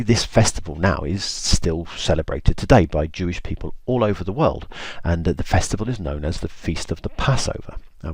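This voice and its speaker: A man with a deep, low voice talks through a story for a video lesson. He keeps it chatty and animated, with plenty of ums. The sound is close and dry. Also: slightly rough, no room sound. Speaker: teacher.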